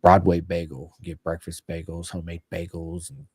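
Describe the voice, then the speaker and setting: A man's voice: sits low, level tone, normal speed, a little mellow, breathy edge, dry recording. A man hosting a podcast, joking and easygoing in casual slangy chat. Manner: laid-back, joking, slangy. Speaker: podcast host.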